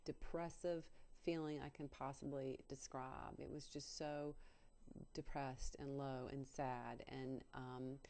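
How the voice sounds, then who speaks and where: Low-voiced woman telling a halting story. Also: flat delivery, dark tone, a little hiss or hum. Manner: halting, many fillers and restarts, earnest. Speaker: spiritual guest telling her story. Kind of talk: personal storytelling on radio.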